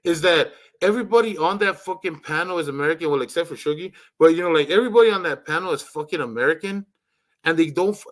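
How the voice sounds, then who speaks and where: A man hosting a casual voice chat stream who rambles, swears heavily and breaks into loud rants. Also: fairly high pitch, fast. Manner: profane, rambling, rants loudly. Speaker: livestream host.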